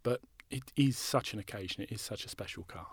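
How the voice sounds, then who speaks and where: A man's voice: lowish voice, a little fast, husky, dry recording. A man co-hosting a car podcast, with a dry, teasing manner. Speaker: podcast co-host. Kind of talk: casual car podcast chat.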